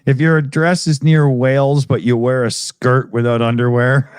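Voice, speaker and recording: A man's voice: medium pitch, level tone, unhurried, darkish tone, clean tone, no room sound. An American man co-hosting a casual chat, joking around and laughing a lot, with frequent strings of "yeah". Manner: jokey, laughs often, lots of "yeah". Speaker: co-host.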